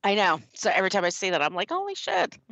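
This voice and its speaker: A woman co-hosting a podcast, chiming in with chatty, excited asides. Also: lowish voice, very fast, no room sound, highs cut off. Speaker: podcast co-host. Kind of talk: casual chat.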